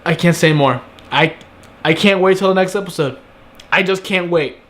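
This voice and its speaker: A man reviews an anime episode in a casual video, excitable and swearing freely. His voice sits high, and he gushes between stumbling fillers. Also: moderate pace. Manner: excitable, gushing, profane.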